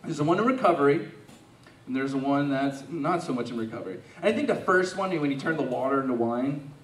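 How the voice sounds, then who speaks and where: A young man doing stand-up comedy, with a halting, rambling delivery full of restarts. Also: mid-range voice, expressive, roomy sound, recorded from a distance. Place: comedy club stage.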